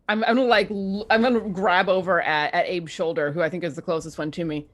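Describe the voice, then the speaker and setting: A woman playing a tabletop game, talking in halting bursts with repeated words and laughs. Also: on the low side, steady tone. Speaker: player. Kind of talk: casual tabletop play.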